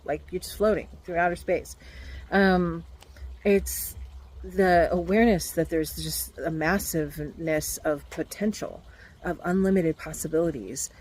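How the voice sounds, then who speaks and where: Tarot reader, female, somewhat low pitch; halting, reflective delivery full of fillers. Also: darkish tone, low-quality recording. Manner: hesitant and musing, many fillers. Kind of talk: casual tarot card reading.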